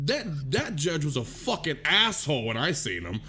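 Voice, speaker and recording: A man's voice: on the high side, big pitch swings, moderate pace, hardly any pauses, bright, forceful tone, slight background noise. A man casually telling a story, laughing often and swearing freely. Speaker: vlogger.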